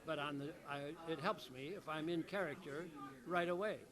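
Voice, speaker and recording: A man with a slightly raised pitch recalls a colleague in measured sentences. Crowd chatter fills the background. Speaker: soap opera actor. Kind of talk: casual reminiscing in an interview.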